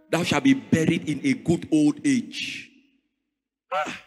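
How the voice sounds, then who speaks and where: High-voiced Nigerian preacher in a hall. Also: male voice, fairly even intonation, measured pace. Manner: sing-song preaching cadence, rising to shouts. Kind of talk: sermon. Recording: reverberant hall with faint music.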